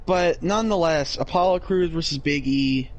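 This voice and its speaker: A man's voice: fairly high pitch, moderate pace. A man co-hosting a casual wrestling review, making jokes and laughing often. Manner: joking, laughs between lines. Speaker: podcast co-host.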